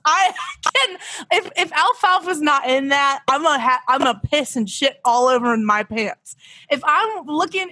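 A young podcast host improvises a comedy bit over a remote call, ditzy and scolding, often laughing at her own jokes. Her high voice sounds pushed and bright at a normal speed, with no room sound at all.

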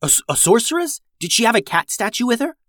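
A man voicing an eager young boy in a storybook reading, pitched well above his own voice. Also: big pitch swings, fast, fairly bright tone, dry recording, studio quality, full character voice. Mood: urgent. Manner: eager, urgent. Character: brave, urgent young boy leading his sisters.

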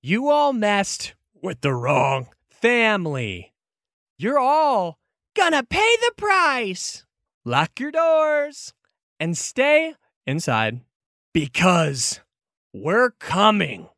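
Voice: huge pitch swings, a bit bright, dry recording, studio quality, heavily acted. A game master voicing a sneering bird-like kenku crook who quacks between threats. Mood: menacing. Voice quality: squawky, high and cawing. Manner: menacing, drawn-out threats. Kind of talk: tabletop game character voice.

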